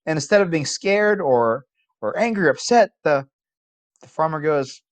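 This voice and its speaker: A man's voice: a little high, expressive, normal speed. Conversational male philosophy professor. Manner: conversational, asks rhetorical questions. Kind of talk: college lecture.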